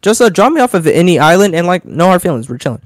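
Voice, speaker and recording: A man's voice: high voice, very animated, fast, no echo, studio quality, pitched above the performer's own voice. A man voicing a laid-back, hungover male wine god who talks in a chill, bro-ish way.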